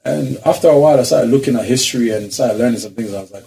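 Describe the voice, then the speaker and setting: A man's voice: mid-range voice, fast talker, creaky. A man telling a story in a casual podcast chat, acting out the people in it and laughing often. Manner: animated storyteller, acts out voices, laughs often. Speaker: podcast co-host.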